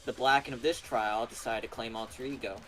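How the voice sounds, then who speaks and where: A man's voice: medium pitch, fairly even intonation, fairly quick, music in the background. A man in a voice chat game methodically laying out a logical case against other players. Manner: argumentative, methodical reasoning. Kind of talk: casual voice chat.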